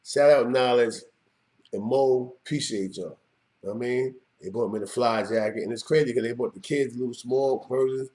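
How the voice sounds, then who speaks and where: A man's voice: medium pitch, moderate pace, darkish tone. A middle-aged man, hosting his own show and talking off the cuff in a streetwise, emphatic way, often asking "you know what I mean". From New York. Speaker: show host. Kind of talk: unscripted monologue to camera.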